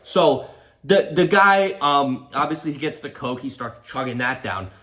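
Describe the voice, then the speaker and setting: A young man telling a comedic storytime rant in an animated, exaggerated, mocking way. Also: mid-range voice, unhurried. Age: young adult. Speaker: comedy YouTuber.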